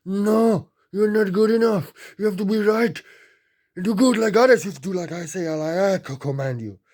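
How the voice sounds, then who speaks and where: A man voicing an angry, controlling parent who shouts orders and scolding. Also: high-pitched, normal speed, pitched above the performer's own voice. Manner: shouting orders, harsh and loud.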